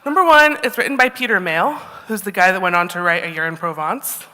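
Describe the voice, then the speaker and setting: A woman's voice: mid-range voice, quick pace, bright, forceful tone. A woman telling a wry, funny story on a live stage, often laughing as she talks. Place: stage in a large hall. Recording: reverberant live hall.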